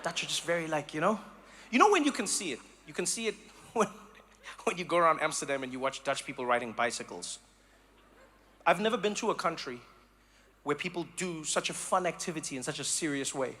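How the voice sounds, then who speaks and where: A man from South Africa doing animated stand-up comedy, slipping into mock voices. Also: a little high, brisk.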